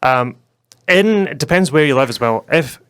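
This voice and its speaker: A young Scottish man chats on a podcast in a loose, rambling way and laughs easily. His voice is smooth and clean. The sound is dry and close, with no room around it. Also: a little high, lively intonation, a bit bright, no room sound. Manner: chatty, rambling, quick to laugh. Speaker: podcast co-host. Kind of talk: casual podcast chat.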